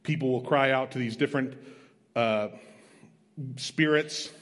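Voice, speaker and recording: In a mid-range voice, a missionary preacher speaks a little slowly through his sermon. He recounts a story in plain, everyday language with emphatic asides thrown in. The recording has the long reverb of a large hall.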